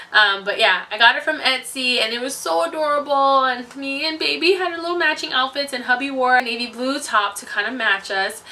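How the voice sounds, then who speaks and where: A young woman vlogger casually telling the story of her hospital recovery, chatty and animated, with quick laughs and many fillers. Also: on the high side, distant mic, poor audio.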